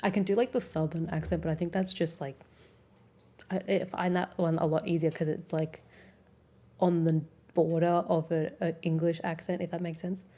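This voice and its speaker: A young woman with an Australian accent chats with her live chat in a loose, rambling way, full of fillers and little laughs. Her voice sits low for a woman. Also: flat delivery, moderate pace, mellow. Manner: rambling, filler-heavy, giggly. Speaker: streamer.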